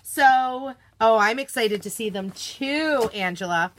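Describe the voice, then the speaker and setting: A woman's voice: a little high, lively intonation, slow pace, noisy background. A woman hosting a live craft unboxing stream, bubbly and gushing, greeting viewers by name in casual chat from her desk at home.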